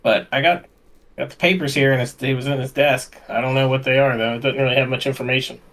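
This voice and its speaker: A man's voice: medium pitch, steady tone, fast talker, a bit bright. A man playing in a tabletop game, talking casually in character and often restarting his sentences. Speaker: player.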